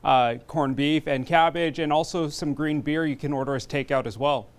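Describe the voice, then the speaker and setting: A man's voice: on the high side, steady tone, normal speed, clean tone. A man co-anchoring a morning news show, reading segments and chatting in a friendly, easygoing way.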